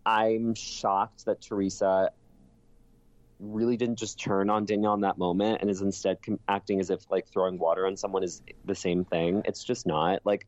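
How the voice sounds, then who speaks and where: A man's voice: deep voice, darkish tone, no room sound, muffled recording. A man co-hosting a podcast, chatting casually and emphatically, swearing freely and restarting often. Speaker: podcast co-host. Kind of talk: casual recap chat.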